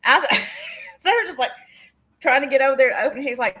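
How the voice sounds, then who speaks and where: Bright-voiced woman telling stories. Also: sits high, quick pace, pauses often. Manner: animated storyteller, laughs often, acts out quoted voices. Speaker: co-host of live vintage sale. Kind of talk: casual storytelling chat.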